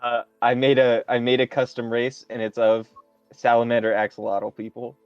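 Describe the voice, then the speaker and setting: Halting male game master. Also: mid-range voice, completely flat delivery, smooth, no room sound, highs cut off, faint music behind. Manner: halting, improvised description. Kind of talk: narrating a tabletop game.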